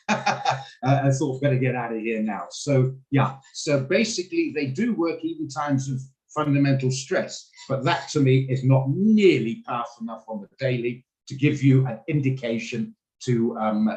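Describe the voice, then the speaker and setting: A man's voice: medium pitch, darkish tone, poor audio. Chatty man coaching a trading class. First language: English. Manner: chatty, rambling, laughs often. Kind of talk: live online trading class. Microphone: video call.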